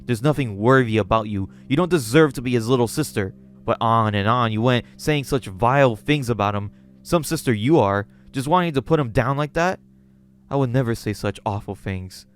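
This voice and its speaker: A man's voice: mid-range voice, moderate pace, clean tone, soft background music, close to an everyday voice. A man voicing an obsessive gothic lolita woman who scolds sweetly and menacingly.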